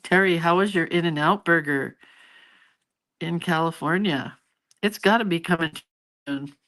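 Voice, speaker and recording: A woman's voice: on the low side, unhurried, fairly bright tone. Chatty middle-aged woman on a live stream. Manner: chatty, rambling, reads out viewer comments. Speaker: art teacher hosting a live stream. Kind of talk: casual live-stream chat with viewers.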